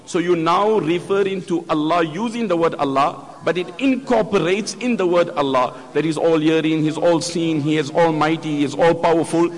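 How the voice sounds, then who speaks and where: A man with a slightly raised voice gives an earnest religious commentary, explaining points and reciting scripture. His voice rings with a long hall reverb. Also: a little high. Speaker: Islamic speaker summarizing a lecture.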